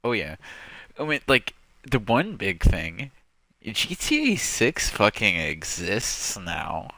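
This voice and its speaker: A man's voice: lowish voice, slow pace, no echo. A young man co-hosting a casual podcast, telling stories full of laughter, swearing and fillers. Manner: laughing a lot, swearing, lively storytelling. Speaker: podcast co-host. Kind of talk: casual chat.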